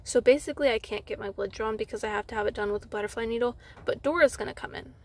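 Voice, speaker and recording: A young woman telling a storytime vlog from inside a car. She retells it in an animated way, fills her talk with "like" and acts out what others said. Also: a little high, very fast. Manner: animated retelling with frequent "like" fillers, acting out others' lines. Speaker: vlogger.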